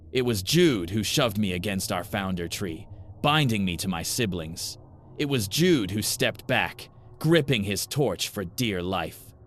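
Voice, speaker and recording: A man giving grave, measured first-person narration of a scripted horror story. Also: low voice.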